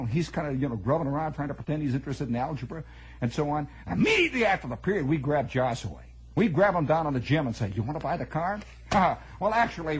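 Husky, slightly high-voiced man, animated storyteller, chatty monologue with emphatic repeats. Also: rough recording.

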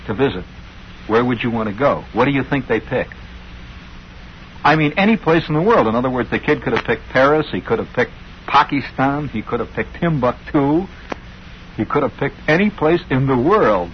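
A middle-aged man hosting a radio show, telling a rambling story with wry, sardonic asides. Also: medium pitch. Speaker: radio host. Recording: dull lo-fi old radio broadcast, faint hiss.

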